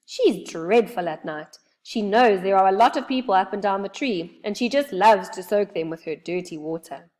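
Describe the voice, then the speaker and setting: A woman's voice: mid-range voice, moderate pace, few pauses, darkish tone, natural voice. Lady doing a tiny kind fairy, sweet and welcoming, storybook style. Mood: friendly.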